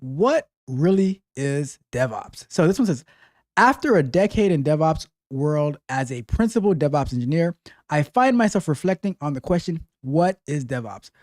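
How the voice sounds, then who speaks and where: Male host, casual live call-in chat, playful and repetitive, lively delivery, dry mic. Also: fairly high pitch, moderate pace, no echo. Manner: joking, repeats phrases.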